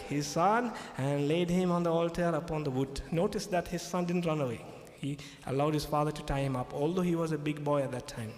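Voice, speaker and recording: A man preaches a sermon in a fairly high voice, repeating his key lines for emphasis and pausing to check that his listeners follow. His voice rings around an echoey hall with a long, lingering reverb. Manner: emphatic, repetitive, checks in with "okay?".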